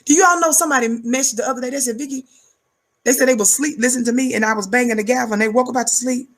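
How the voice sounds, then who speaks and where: A woman's voice: steady tone, rapid-fire. A woman giving fiery preaching-style commentary, emphatic and rhythmic, repeating words for effect. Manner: calls herself high-energy.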